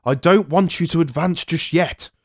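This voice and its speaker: A man's voice: on the high side, moderate pace, darkish tone, no echo, clean studio sound, voice pushed up, lightly acted. A man voicing a cool-headed general who calls out praise to his troops in a raised voice. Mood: rousing.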